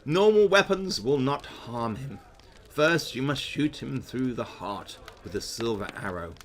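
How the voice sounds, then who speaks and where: A man voicing a stern, tired old male wizard in a calm, measured way. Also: medium pitch, slight background noise, natural voice. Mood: weary, calm. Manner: calm, slow, measured reading.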